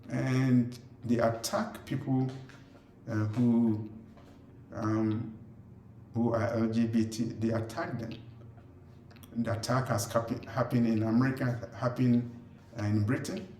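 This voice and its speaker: Male preacher, very slow delivery, halting with many fillers, roomy echo. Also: mid-range voice, darkish tone. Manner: deliberate, halting with frequent fillers. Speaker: ministry preacher. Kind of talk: preaching commentary.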